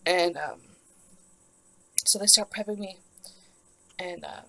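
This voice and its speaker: A woman's voice: lowish voice, slow, creaky, bright, forceful tone, rough recording. A woman in her twenties telling a personal story casually and candidly, cursing freely and acting out what people said. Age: 20s. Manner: candid, swears often, reenacts quotes. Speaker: vlogger.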